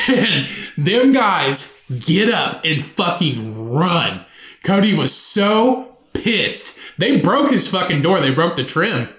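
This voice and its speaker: A young man hosting a solo podcast, telling college stories in a loud, profane, laughing way. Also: high-pitched, takes it slowly, reverberant. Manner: profane, laughing often, animated storytelling. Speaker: podcast host. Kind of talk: casual solo podcast storytelling.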